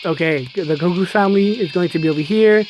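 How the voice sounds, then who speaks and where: A woman giving excitable live commentary on a mobile game, laughing often and talking straight to her viewers. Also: fairly low pitch, fast talker, music in the background. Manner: chatty, addresses viewers as y'all.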